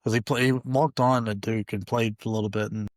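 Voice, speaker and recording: A man's voice: lowish voice, fairly even intonation, a little fast, no echo, clean studio sound. A man co-hosting a casual sports podcast, chiming in with short, easygoing remarks. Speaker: podcast co-host.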